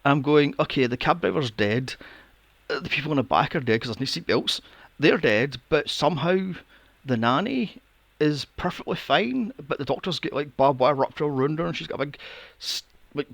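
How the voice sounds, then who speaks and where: A man hosting a podcast, recapping a film plot in a casual, animated way, swearing often and acting out his own reactions. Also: on the high side, moderate pace, gravelly, dry recording. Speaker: podcast host.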